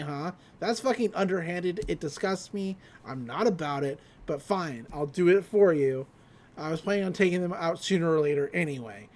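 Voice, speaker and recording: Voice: mid-range voice, a little mellow, close to an everyday voice. A podcaster voicing a smug, silver-haired young male villain who speaks in grandiose, disdainful lines while recapping a show aloud.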